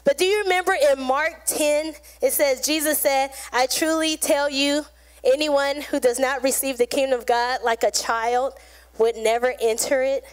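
A woman's voice: high-pitched, fairly even intonation, normal speed. A woman preaching a sermon in a casual, conversational way, acting out little quotes as she goes.

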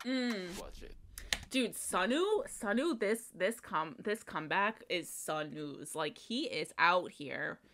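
A woman's voice: lowish voice, expressive, slow pace, fairly bright tone. A young woman hosting a video reaction, hyper and gushing, swearing and shrieking as she comments. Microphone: headphones on while recording.

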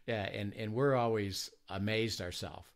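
A man who leads a ministry tells stories in a conversation, halting often with fillers and restarts and acting out the quoted dialogue. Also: on the low side. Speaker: ministry leader. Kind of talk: conversational storytelling.

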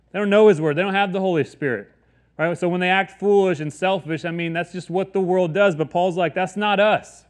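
A man preaching a casual, conversational sermon, often slipping into quoted everyday voices. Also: sits high. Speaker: pastor.

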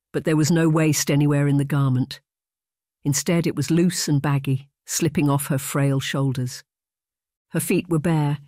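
A man narrating a novel in a measured, even reading. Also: fairly high pitch, no echo, clean studio sound. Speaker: audiobook narrator. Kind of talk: scripted narration.

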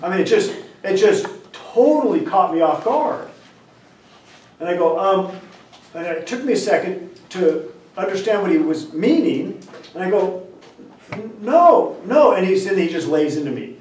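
A man lecturing and telling a story, acting out the dialogue, often clearing his throat. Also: high voice, normal speed, a little hiss or hum. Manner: animated, acts out dialogue, frequent throat clearing. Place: lecture room. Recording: roomy lecture hall from far off.

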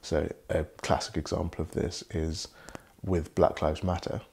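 Deep gravelly young man, measured and thoughtful. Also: little pitch movement, darkish tone. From Britain. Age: young adult. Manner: measured, thoughtful, polished professional delivery. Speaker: guest. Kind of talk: reflective conversation.

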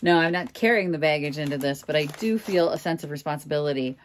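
A middle-aged Minnesota woman who resells goods chats casually and candidly while sorting through auction finds, tossing in joking asides. Her voice is low-pitched and she talks fast, with slight background noise in the recording.

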